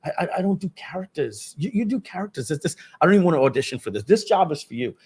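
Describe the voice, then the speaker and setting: A man's voice: sing-song, fast talker, darkish tone, slightly rough. A man doing a stammering, neurotic comedian. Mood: insistent. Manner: stammering, raised pitch. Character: neurotic male comedian, stammering, self-deprecating.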